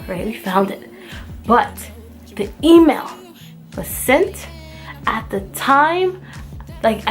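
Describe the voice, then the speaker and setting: A young woman from the United States telling a storytime to her viewers in an exasperated, animated way, acting out both sides of the argument. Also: on the high side. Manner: animated, exasperated, acts out the dialogue. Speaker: vlogger. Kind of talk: storytime rant.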